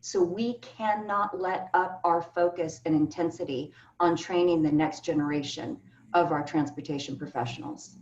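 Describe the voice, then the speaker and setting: A woman's voice: lowish voice, moderate pace, a little mellow, slight background noise. A woman speaking as a keynote speaker, answering panel questions earnestly and with emphasis over a video call. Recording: echoey, distant, dull video call audio.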